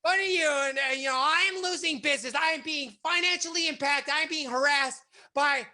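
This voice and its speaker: A man's voice: very high-pitched, normal speed, voice pushed up, full character voice. A man acting out a furious male shop owner who rants and swears in explosive rage. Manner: shouting, profane, sputtering rage.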